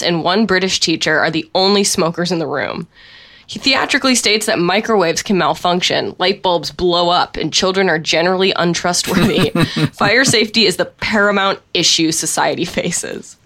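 A woman's voice: fairly low pitch, fairly bright tone. A woman reading a written story aloud in a wry way, often breaking into laughs as she reads.

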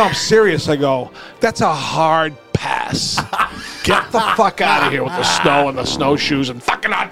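A man from New England, co-hosting a casual comedy podcast, ranting with heavy profanity and laughter. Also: fairly high pitch. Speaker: podcast co-host.

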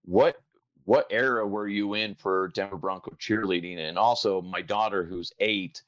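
Deep-voiced stammering male host. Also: steady tone, normal speed, fairly bright tone, no echo, highs cut off. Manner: friendly, stammers on starts. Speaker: podcast host. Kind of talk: casual interview chat.

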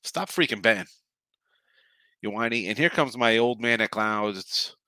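A man hosting a sports betting picks show who calls himself an old guy, ranting in a gruff, sarcastic, scolding way with repeated short jabs before running through his picks. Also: lowish voice, a little slow, bright, forceful tone, no echo. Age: older.

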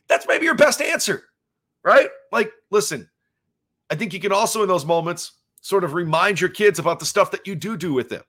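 A man's voice: high-pitched, lively intonation, moderate pace, fairly bright tone. A man hosting a solo podcast, talking casually and rambling with plenty of fillers as he shares his reactions as a father. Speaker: podcast host.

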